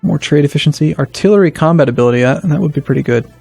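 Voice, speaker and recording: A man casually commenting on his strategy game as a let's play host, thinking aloud with hesitant restarts and sudden bursts of excitement. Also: a little high, racing, gravelly, husky, dry recording, faint music behind.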